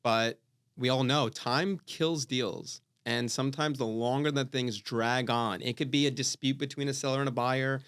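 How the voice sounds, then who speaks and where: Man, mid-pitched, steady talker who repeats his point. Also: moderate pace, clear, resonant tone. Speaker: guest real estate agent. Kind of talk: casual panel talk. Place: studio.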